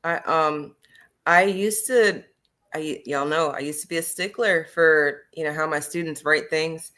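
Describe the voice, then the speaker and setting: A woman who hosts and teaches speaks emphatically to her viewers in a casual livestream discussion. Her voice is low, pushed and bright, and her pace is measured.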